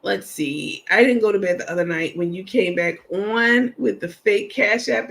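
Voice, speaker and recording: A man's voice: high-pitched, very animated, normal speed, gravelly, hardly any pauses, fairly bright tone. A man hosting a casual livestream, chatting loosely and reading viewer comments aloud with plenty of fillers. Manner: chatty, rambling, many fillers. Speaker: livestream host.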